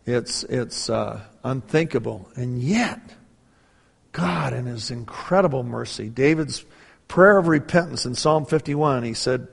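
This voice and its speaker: A man's voice: mid-range voice, measured pace, vocal fry, slightly rough. A male preacher tells a story in an earnest, storytelling voice, acting out the voices of the people in it. His words ring out with a long reverb, like a large church hall. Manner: earnest, retelling a story with quoted dialogue. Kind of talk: sermon with storytelling.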